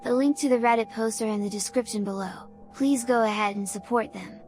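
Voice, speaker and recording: A woman's voice: fairly high pitch, fairly quick, a little mellow. A woman reading a short scripted outro in a polite sign-off delivery. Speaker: channel outro speaker. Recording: music playing underneath.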